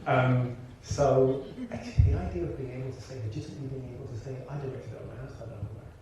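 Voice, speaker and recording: This animated Birmingham, England man, an actor-director appearing as an interview guest, chats onstage in front of an audience, laughing and restarting often as he tells stories. His mid-range voice moves at a quick pace. He's captured from far off in a big, echoey hall with hiss.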